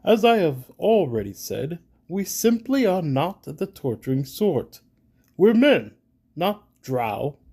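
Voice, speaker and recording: A man's voice: fairly high pitch, very animated, slow pace, warm tone, breathy edge, pitched above the performer's own voice, full character voice. A man doing a pompous, blustering warrior companion. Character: proud cautious male warrior companion.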